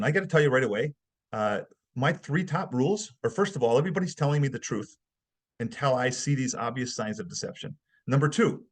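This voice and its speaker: Husky-voiced man teaching a webinar. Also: mid-range voice. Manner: conversational, emphatic, acts out examples. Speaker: behavioral analysis instructor. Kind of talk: webinar lecture.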